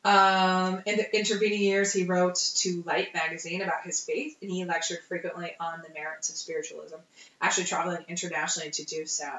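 This podcast co-host speaks briskly in a fairly low pitch. Chatting casually and with energy, she tells history while frequently saying um and uh; the audio is roomy and dull, with a lo-fi quality.

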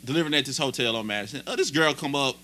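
A young man co-hosting a podcast, telling a story in casual, animated, profane chat. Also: mid-range voice, racing. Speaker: podcast co-host.

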